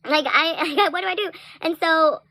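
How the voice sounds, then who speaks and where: A young woman telling a story in a casual vlog, chatty and animated, full of "like" and little laughs. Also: very high voice, a little slow, no room sound.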